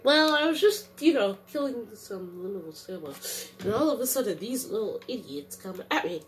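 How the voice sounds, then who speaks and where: A woman giving casual gameplay commentary, excitable, squealing and yelling taunts. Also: mid-range voice, normal speed. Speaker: gaming streamer.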